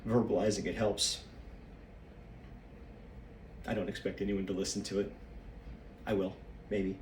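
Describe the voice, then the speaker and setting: A lower-pitched man in his fifties thinks aloud in a rambling way, slightly out of breath as he shakes his body. He sits a little back from the mic in an echoey room with faint background noise. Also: level tone, unhurried, a little mellow, far from the mic. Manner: rambling, loses his train of thought. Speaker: solo practice vlogger. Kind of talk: thinking aloud while exercising.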